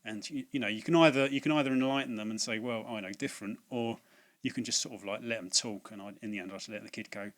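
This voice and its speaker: A man's voice: lowish voice, fairly even intonation, fast talker, fairly bright tone. A man hosting a casual video about things he bought, rambling and chatty with many fillers, recorded at home on a laptop mic. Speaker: video host. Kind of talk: casual unboxing vlog. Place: home room at dusk. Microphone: laptop built-in mic.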